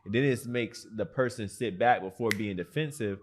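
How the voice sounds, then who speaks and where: A man hosting a podcast interview, relaxed and slangy, often saying "mm-hmm" to back up his guest. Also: lowish voice, moderate pace, slight background noise. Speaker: podcast host. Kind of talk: casual interview chat.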